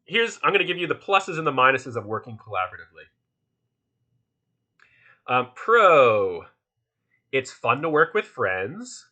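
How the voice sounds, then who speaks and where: A man's voice: on the high side, pushed and bright. A man with a Philadelphia accent teaching a casual online workshop, chatty and loose, with lots of fillers and restarts. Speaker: workshop instructor.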